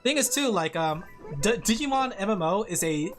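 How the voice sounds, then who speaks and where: A woman's voice: mid-range voice, lively intonation, normal speed, faint music behind. A woman streamer chatting casually while she draws, rambling and thinking aloud as she reads chat. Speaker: vtuber streamer.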